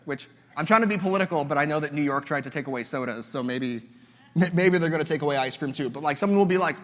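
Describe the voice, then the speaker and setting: A young man delivers a sermon in a chatty, animated way, slipping into little impressions of other people and stumbling over repeated words. His voice sits a bit high for a man. The sound carries the long reverb of a large hall. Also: fast talker. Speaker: guest preacher.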